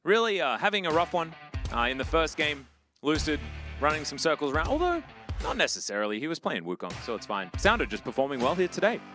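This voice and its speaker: Animated male esports caster over music. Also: fairly high pitch, quick pace. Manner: chatty, self-deprecating asides, excitable on big plays. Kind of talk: play-by-play esports commentary.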